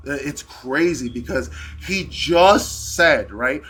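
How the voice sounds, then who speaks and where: Male live streamer, heated rant, profane, keeps asking "right?", slightly high voice. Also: expressive, takes it slowly, a bit bright, husky. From United States.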